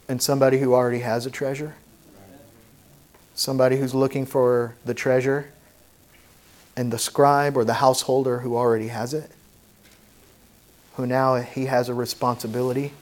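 Male pastor, sermon, earnest, storytelling, mid-pitched voice. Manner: reads scripture in old-fashioned wording, then explains it plainly; earnest, storytelling preacher with fillers.

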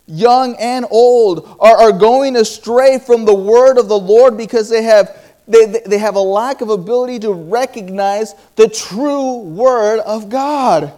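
High-voiced man preaching a sermon. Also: darkish tone. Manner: storytelling with quoted dialogue and halting restarts.

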